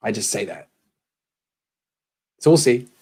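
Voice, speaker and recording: Male host for a casual live sports stream; brisk, opinionated delivery. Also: mid-range voice, animated, mellow, husky.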